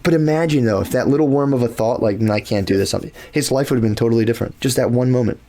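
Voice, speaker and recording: A man's voice: mid-range voice, rapid-fire, dark tone. A man co-hosting a podcast, telling stories in a rambling, casual way with lots of swearing and filler words. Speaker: podcast co-host. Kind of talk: casual conversational storytelling.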